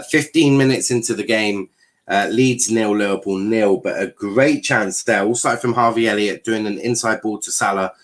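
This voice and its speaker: A man's voice: lowish voice, fairly bright tone. A man hosting a live football watchalong, commentating casually with jokes, swearing and lots of fillers. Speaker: host.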